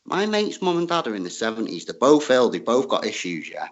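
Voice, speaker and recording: Argumentative bloke, animated pitch, muffled low-fi audio. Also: male voice, brisk. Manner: argumentative, keeps adding "mate", heated. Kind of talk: heated argument.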